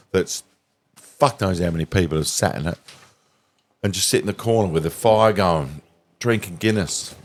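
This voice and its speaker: A middle-aged Australian man, a podcast co-host, chatting casually and keenly agreeing with short replies. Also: on the low side. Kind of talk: casual pub-style chat.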